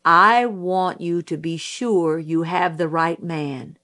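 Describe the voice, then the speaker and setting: Woman reading as a calm, dry lawyer. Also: fairly low pitch. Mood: measured. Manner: deliberate, dry, professional questioning. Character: calm, measured middle-aged male lawyer cross-examining.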